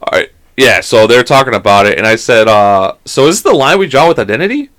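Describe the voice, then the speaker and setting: A man's voice: medium pitch, sing-song, quick pace, fairly bright tone. A man co-hosting a podcast, telling stories in a casual, swearing, joking way. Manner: swearing, storytelling, laughing. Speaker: podcast co-host. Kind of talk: casual chat.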